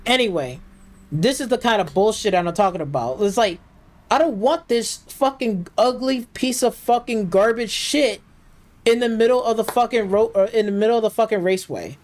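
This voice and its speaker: Here a male gaming streamer with a high voice talks at a moderate pace on a low-quality recording. His live gameplay commentary is a nonstop profane rant full of complaints, loose phrasing, filler words, and restarted sentences.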